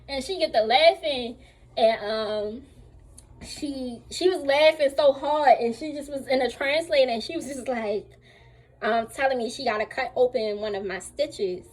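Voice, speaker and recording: A young woman telling a casual storytime to her viewers, candid and slangy, animated as she retells what happened. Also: high voice, measured pace, low-quality recording. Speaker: vlogger.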